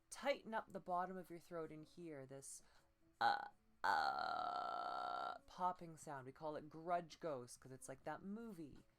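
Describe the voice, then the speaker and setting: A woman voice coach giving a streamed voice-training lesson in a subdued, patient way. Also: fairly low pitch. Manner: subdued, patient instruction broken by demonstrated croaks and pinched tones. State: low energy.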